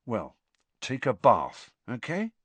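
A man voicing a friendly older teenage boy who speaks low and confidingly, with small hesitations. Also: huge pitch swings, slow, slightly rough, dry recording, heavily acted. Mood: confiding hushed. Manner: hushed, confiding, hesitant fillers.

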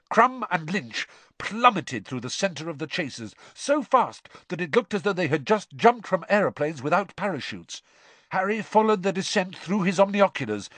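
A man narrating an audiobook with an expressive, varied delivery. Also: high-pitched, no echo.

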